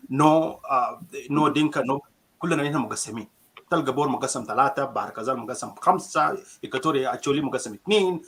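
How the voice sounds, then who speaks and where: A man's voice: medium pitch, racing, a bit bright, slight background noise, poor audio. A man from South Sudan speaking passionately in an online community discussion, asking rhetorical questions and restarting phrases. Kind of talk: passionate audio-room speech.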